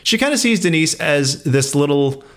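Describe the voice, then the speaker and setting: A man co-hosting a podcast in casual, animated chat, laughing often. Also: moderate pace. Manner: animated, laughs often, rises in pitch when excited. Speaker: podcast co-host.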